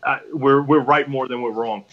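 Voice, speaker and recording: A man's voice: medium pitch, steady tone, moderate pace, highs cut off. A man talking as a wrestling promoter guest in a casual podcast chat, rambling and emphatic with many restarts.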